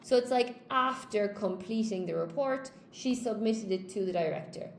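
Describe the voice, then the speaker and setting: A woman's voice: medium pitch, moderate pace, gravelly, echoey room, a little hiss or hum. A woman with a Cork Irish accent teaching an English grammar lesson in a live stream, chatty, often checking in with "okay?" and greeting viewers by name. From Ireland.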